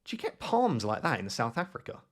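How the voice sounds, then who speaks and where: Lively man thinking aloud. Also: mid-range voice, brisk, a little hiss or hum. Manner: thinks aloud, excitable, self-questioning. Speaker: gaming YouTuber. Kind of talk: live gameplay commentary.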